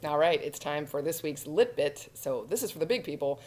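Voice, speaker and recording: A woman hosting a children's storytime, speaking to little kids in a warm sing-song way. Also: sits low, animated, fairly quick. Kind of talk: children's storytime reading and singing.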